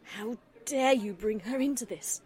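A woman voicing a grieving young mare musician, weary and bitter, speaking low and subdued. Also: measured pace, darkish tone, close to an everyday voice. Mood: furious.

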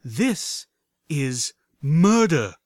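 A man's voice: medium pitch, normal speed, dry recording, studio quality, lightly acted. A man voicing an earnest, grieving female unicorn pony healer who pleads and reproaches. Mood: pleading.

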